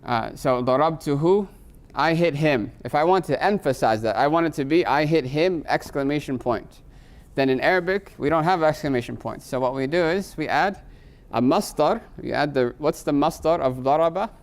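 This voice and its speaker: A man's voice: fairly high pitch, expressive. Man teaching grammar to a class. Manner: quizzes students with frequent rhetorical "right?"; slows to spell out Arabic terms. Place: classroom with students.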